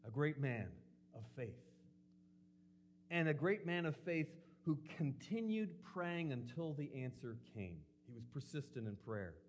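A man's voice: on the high side, darkish tone, slight background noise. A man preaching a sermon in an earnest way, asking rhetorical questions and acting out quotes.

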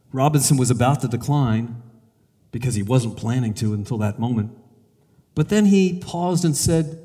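A man preaching a sermon, telling a story in a measured, earnest way and leading a prayer. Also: mid-range voice, expressive, dark tone, big-room sound.

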